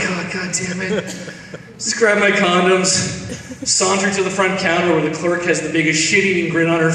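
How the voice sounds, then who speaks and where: A man with a high voice tells stand-up stories, acting out every line of dialogue himself. He sounds far from the camera, in an echoey hall with long reverb. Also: background noise. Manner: storytelling, acts out dialogue, breaks into laughter. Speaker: stand-up comedian. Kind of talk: stand-up comedy set. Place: charity event stage, audience hall.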